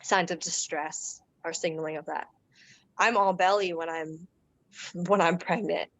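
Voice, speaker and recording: A woman guest on a podcast, casually telling a personal story in a relaxed, chatty way with fillers and restarts. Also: lowish voice, measured pace, low-quality recording.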